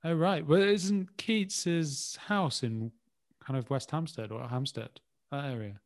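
A man's voice: a little high, slow. A man in casual conversation, talking in a hesitant, easygoing way and laughing easily. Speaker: conversation partner.

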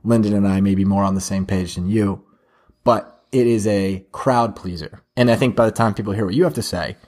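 A man's voice: fairly low pitch, a little fast, darkish tone. A man co-hosting a casual podcast chat, easygoing and steering the talk. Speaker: podcast co-host.

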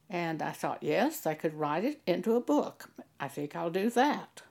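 Woman, Christian author giving a testimony; unhurried and gentle, a little low-pitched. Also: very animated, gravelly. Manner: slow and deliberate, gentle, measured phrasing. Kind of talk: slow devotional testimony.

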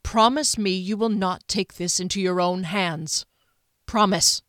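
A woman's voice: lowish voice, unhurried, fairly bright tone, no room sound, studio quality. A woman reading a stern male captain in an audiobook, speaking harshly and giving orders. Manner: harsh, commanding.

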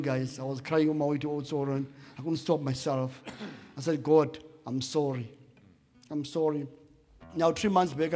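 A man sharing a personal testimony in church, halting with many restarts and fillers, rising to loud emphatic bursts. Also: fairly high pitch. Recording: echoey hall with long reverb.

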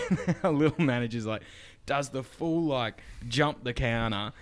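A man's voice: mid-range voice, unhurried. A man with an Australian accent, a slangy storyteller who laughs easily in casual chat.

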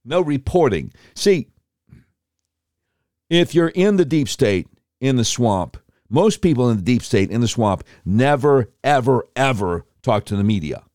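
A man hosts an opinionated political talk monologue, sarcastically mocking the clips he comments on. His mid-range voice is expressive and a little mellow at a moderate pace, captured in clean studio sound with no room noise.

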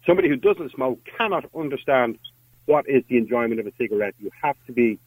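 Irish man, 50s, talk radio host, blunt, emphatic, medium pitch, dry sound. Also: animated, fast talker, a little mellow, slightly rough, no room sound, low-quality recording. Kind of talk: heated talk radio debate.

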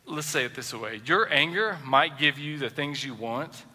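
A man preaching a sermon as pastor, animated, acting out quoted voices and swinging between loud and soft. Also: on the high side, normal speed. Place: church sanctuary. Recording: long hall reverb.

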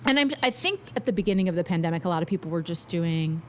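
A woman's voice: fairly low pitch, lively intonation, fast talker, a little hiss or hum. A woman chatting casually on a podcast, reflective and often hedging what she says. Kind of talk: casual chat.

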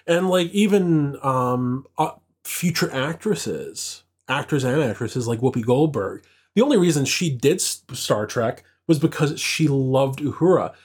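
A male podcast co-host with a relaxed, agreeable manner. He mostly offers short agreements and slips in dry asides. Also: medium pitch, unhurried, breathy edge. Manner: agreeable, brief affirmations and wry asides. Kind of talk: casual chat.

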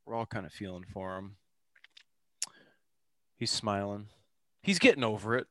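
A man's voice: on the low side, unhurried, pushed and bright, no echo. A man hosting a podcast, chatting loosely and off the cuff. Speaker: podcast host. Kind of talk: casual podcast chat.

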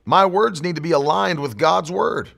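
A man's voice: on the high side, normal speed, creaky, fairly bright tone. A man preaching a sermon as pastor, emphatic and driving his points home with repeated declarations.

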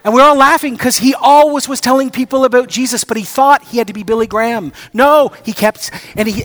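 A man preaching a sermon as pastor, telling stories with acted-out dialogue and rising to excited emphasis. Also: very high-pitched.

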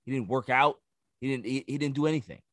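A man hosting a casual sports talk show in an emphatic, ranting way, often stumbling over repeated words as he builds his argument. His voice sits at an ordinary middle pitch. The sound is dry and close, with light music faintly underneath. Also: fast talker, fairly bright tone, no echo. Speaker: sports podcast host.

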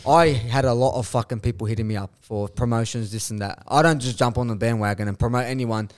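Fast-talking, swearing man. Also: mid-range voice. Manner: heavy swearing, animated storytelling. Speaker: guest influencer. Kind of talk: casual podcast chat.

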